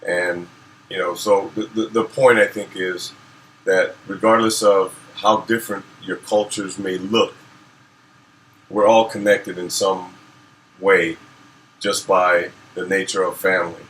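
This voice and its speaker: A man from Saint Croix talking in a relaxed, reflective way, with plenty of fillers and restarts. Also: low voice, measured pace. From Saint Croix, US Virgin Islands. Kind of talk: casual conversation. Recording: roomy, from some distance, faint noise.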